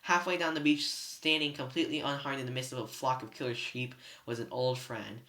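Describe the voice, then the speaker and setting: A reader narrating a novel chapter aloud in first person, steady but with slips and restarts. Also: mid-range voice, a little fast. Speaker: student reader. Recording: roomy echo.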